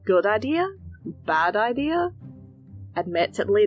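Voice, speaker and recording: A woman's voice: medium pitch, expressive, moderate pace, soft background music, poor audio. Giggly rambling woman gamer. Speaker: tabletop game player. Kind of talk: casual in-character play.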